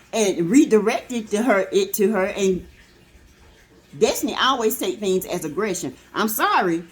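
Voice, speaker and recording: Sassy woman host, casual gossip recap, talks like chatting with friends, plenty of fillers. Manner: chatty, sassy, filler-heavy, laughs, swoops up high when excited. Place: in her car.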